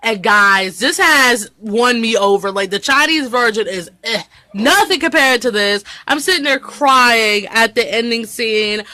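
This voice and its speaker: A young woman in her twenties chatting casually to her vlog camera, talkative and easily excited, often breaking into giggles. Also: a little high, a little slow, few pauses. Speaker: vlogger.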